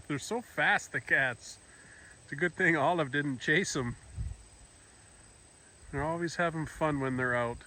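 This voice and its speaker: Slow-talking man narrating his farm. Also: pushed and bright. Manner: talks fondly to his cats in a high coaxing voice. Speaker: farm vlogger. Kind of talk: casual farm vlog narration. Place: outdoors on a farm.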